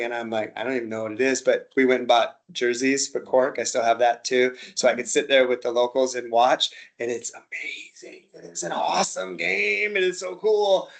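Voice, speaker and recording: A man from the United States, with a voice of ordinary middle pitch, gives a relaxed slide-show talk to a group. He tells his stories in a chatty way and acts out little back-and-forth exchanges as he goes. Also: creaky. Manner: chatty storyteller who acts out little dialogues. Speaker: presenter at an interest group talk.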